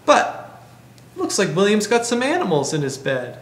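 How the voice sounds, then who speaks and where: A man hosting a library storytime, reading a picture book to children and asking them gentle questions. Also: sits high, huge pitch swings, normal speed. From Canada.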